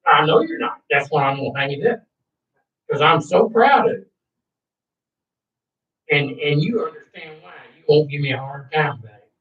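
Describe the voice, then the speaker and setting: Man, interviewee; cursing, worked-up, bragging delivery; high voice; recorded far off in an echoey room, dull sound. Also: expressive, normal speed, pauses often. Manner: profane, agitated, boastful. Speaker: interviewee recounting a UFO encounter. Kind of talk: rambling storytelling to an interviewer.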